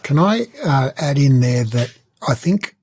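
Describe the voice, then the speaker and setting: A man co-hosts a podcast in casual conversation, rambling and chatty with frequent fillers. His medium-pitched voice is animated and unhurried, with a darkish, slightly rough tone.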